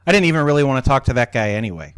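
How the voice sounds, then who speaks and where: A man's voice: mid-range voice, very animated, very fast, fairly bright tone, clear, resonant tone, no room sound. Playful teasing man with a dry, close sound. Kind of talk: casual podcast chat.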